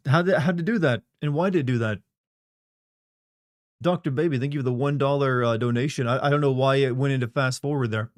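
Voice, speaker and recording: Young man, game streamer, casual rambling, joking, mid pitch, dry sound. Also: a little fast, no echo. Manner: rambling, profane and joking, chatting with viewers. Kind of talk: casual live-stream chat.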